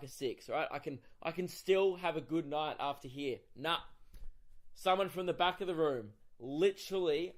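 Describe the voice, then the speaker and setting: A young Australian man, a comedian hosting his own podcast, telling a story in an animated, swearing rant that acts out both sides. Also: on the high side. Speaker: stand-up comedian and podcast host. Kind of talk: casual solo podcast storytelling.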